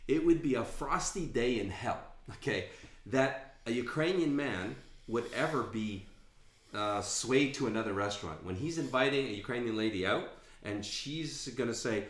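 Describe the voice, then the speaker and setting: A man's voice: medium pitch, lively intonation, moderate pace. A man hosting a live client Q&A, talking bluntly and emphatically with some joking. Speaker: matchmaking agency host. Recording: echoey room.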